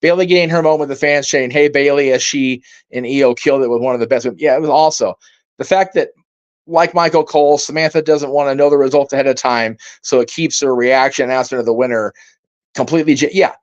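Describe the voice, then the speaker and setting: A man's voice: mid-range voice, fast talker. A man hosting a casual livestream, reading out viewer comments and reacting in a rambling, heated way, swearing freely and using many fillers. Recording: dull lo-fi stream audio.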